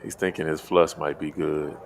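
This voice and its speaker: A man working as a poker dealer, with a deep radio voice, bantering casually on a live stream. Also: little pitch movement, normal speed, crowd noise.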